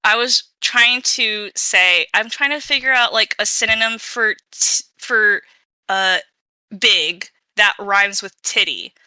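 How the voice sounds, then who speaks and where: A woman's voice: medium pitch, slow, sharp tone, clean tone, dry recording, rough recording. A woman co-hosting a podcast in casual chat, rambling and outgoing, with lots of fillers and restarts. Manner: outgoing and chatty. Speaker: podcast co-host.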